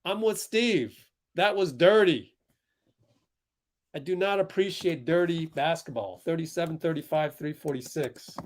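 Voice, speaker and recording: A man's voice: on the high side, normal speed. A young man hosting a live basketball watch-along stream, talking in a heated, exasperated way with frequent laughs and sighs. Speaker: livestream host.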